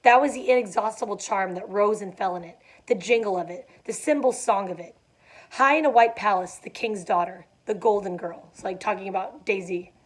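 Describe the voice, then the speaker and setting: A woman's voice: medium pitch, brisk. A young adult woman reading a novel aloud, dropping in casual asides with fillers. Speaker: reader.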